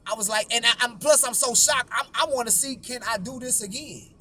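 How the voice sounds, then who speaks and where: A man with a very high, pushed and bright voice speaks fairly quickly, with a faint hiss or hum in the background. He hosts his own YouTube channel and tells a long story bluntly and profanely, often repeating himself.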